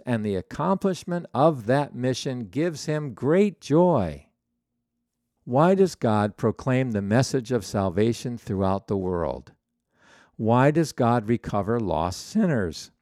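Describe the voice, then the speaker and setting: A man preaching a sermon in a deliberate, emphatic way, slowing down on key phrases. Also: medium pitch, warm tone, dry recording, studio quality.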